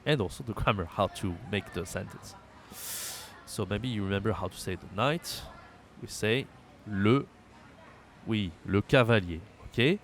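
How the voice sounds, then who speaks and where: Male French teacher with a French accent, slightly low pitch, patient self-correcting lesson delivery. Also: a little hiss or hum. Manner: thinks aloud with hums and self-corrections; repeats phrases slowly for learners. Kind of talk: language lesson.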